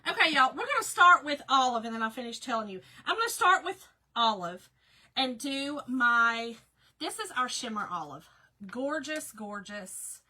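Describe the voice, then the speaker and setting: A woman's voice: high voice, big pitch swings, normal speed, sharp tone, poor audio. A middle-aged woman, chatting casually with viewers while hosting a craft livestream. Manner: chatty, talks to viewers by name. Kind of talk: casual chat.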